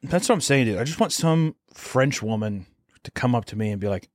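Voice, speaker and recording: A man's voice: mid-range voice, expressive, a little fast, dry recording, studio quality. A man co-hosting a podcast in casual chat, rambling, swearing freely and restarting his sentences. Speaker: podcast co-host.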